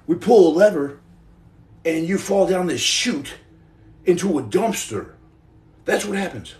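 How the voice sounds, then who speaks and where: A man's voice: high-pitched, animated, a little slow, a little mellow, echoey room, distant mic. A man in his forties hosting a casual livestream from home, rambling and joking while he paints and answers viewer comments. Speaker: livestream host. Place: indoor room at home.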